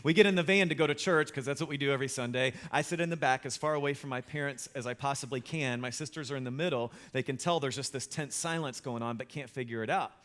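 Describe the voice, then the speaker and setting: A man preaching a sermon as pastor, telling a funny story in a lively, self-mocking way. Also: medium pitch, fast talker, few pauses.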